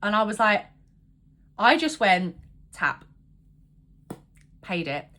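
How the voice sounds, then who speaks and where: A woman's voice: medium pitch, big pitch swings, slow pace, pushed and bright. A woman telling a bad-date story to camera in a casual vlog, exasperated and swearing a lot. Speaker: vlogger.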